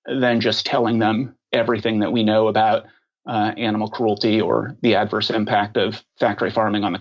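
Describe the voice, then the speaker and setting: A man speaking as a podcast guest, thoughtful and unhurried, with many ums and restarts. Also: lowish voice, muffled recording. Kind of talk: casual interview talk.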